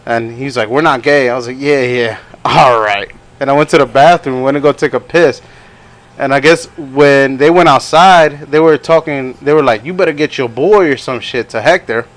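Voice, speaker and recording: On a podcast he co-hosts, a young man tells stories in a meandering, casual way, often laughing and putting on voices to act out quotes. His pitch is medium and he speaks fairly quickly.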